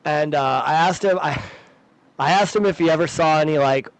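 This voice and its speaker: An American man co-hosting a podcast, telling a story in halting, self-deprecating, profane casual chat. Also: on the high side, no room sound, rough recording. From United States. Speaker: podcast co-host.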